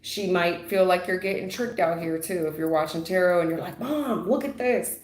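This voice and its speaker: A woman's voice: lowish voice, little pitch movement, a little fast, slight background noise. Woman, tarot reader on a livestream, emphatic and repetitive, casual slang, roomy echo. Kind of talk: live tarot reading.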